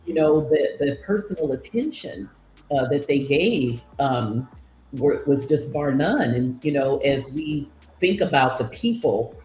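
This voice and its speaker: A woman, a guest in an interview, answering hesitantly with many pauses and restarts. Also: rumbling low, animated, mellow. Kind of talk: casual conversation. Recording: echoey room, faint noise.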